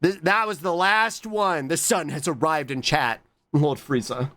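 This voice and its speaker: Playful streamer with swooping pitch. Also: lively intonation, a little slow, sharp tone. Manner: playful, swears casually, reads chat aloud and thanks viewers; jumps to squeaky high exclamations. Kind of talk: casual live-stream chat reacting to clips.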